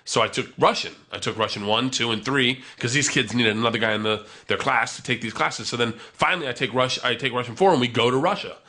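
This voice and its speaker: A man in his thirties telling a comic story, animated and profane, acting out the voices of the people in it. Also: mid-range voice, quick pace, few pauses. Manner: animated, profane, acts out quotes.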